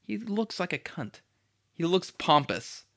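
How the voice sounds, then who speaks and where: Lively, bright-voiced man joking crudely. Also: sits high, a little slow. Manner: laughs often, swears, trails off with ums. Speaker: podcast co-host. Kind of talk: casual crude banter.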